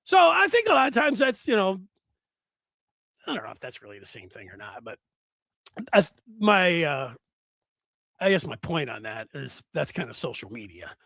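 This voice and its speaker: A man hosting a solo sports talk show, rambling and animated with many fillers and restarts. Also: sits high, no room sound, clean studio sound.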